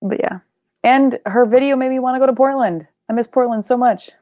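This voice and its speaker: A woman's voice: on the high side, brisk, warm tone, no echo, studio quality. A young woman hosting a live book club stream, chatting casually and rambling, sleepy and yawning, with offhand swearing.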